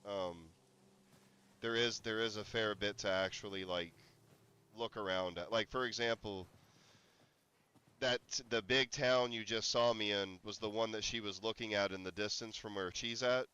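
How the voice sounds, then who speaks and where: A male streamer talks through his game in a loose, rambling way. His voice is bright and forceful, with a smooth, crisp clarity, and he breaks into laughter and sharp startled yelps. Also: lowish voice, fairly even intonation, moderate pace, highs cut off. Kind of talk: casual gameplay commentary.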